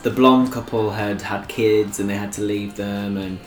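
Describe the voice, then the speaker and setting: Woman, very low voice, chatty co-host, trivia-loving, echoey room. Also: fairly even intonation, normal speed, darkish tone. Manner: enthusiastic music trivia, chatty. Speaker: podcast co-host. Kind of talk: casual chat.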